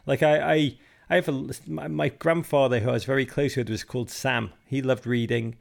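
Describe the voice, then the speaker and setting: Middle-aged english guy, gravelly voice, emphatic and wry, chatting as a guest. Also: medium pitch, fairly even intonation, normal speed. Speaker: guest author. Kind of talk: casual interview chat.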